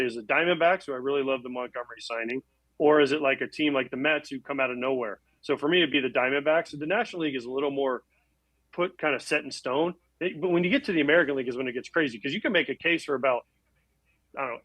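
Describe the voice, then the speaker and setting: Brief: quick, chatty male guest, dry close sound, self-mocking storyteller. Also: medium pitch, a bit bright, dry recording, rough recording. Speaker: guest, former baseball catcher. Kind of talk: casual chat.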